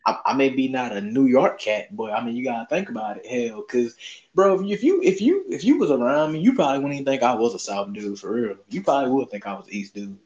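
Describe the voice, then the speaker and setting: A man with a Southern US accent hosts a relaxed chat, his pitch rising and falling in lively swings. He talks in easygoing slang and laughs often. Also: quick pace, dull audio. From Southern United States. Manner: laid-back slangy banter, laughs often. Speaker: podcast host. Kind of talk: casual chat.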